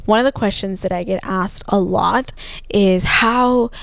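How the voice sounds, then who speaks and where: A woman's voice: medium pitch, a little slow, creaky, dry recording. A young woman hosting a podcast, talking candidly and emotionally about her own life, full of "like" and restarts, recorded close on a podcast mic. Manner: emotional, heavy use of "like", trailing restarts. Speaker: podcast host. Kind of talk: candid personal monologue.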